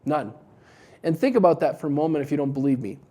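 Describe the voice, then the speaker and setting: A man with a mellow, warm voice talks casually to camera, giving business advice with a wry, joking edge. He tells animated little stories to make his point. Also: on the high side, quick pace. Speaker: business coach for dental practices.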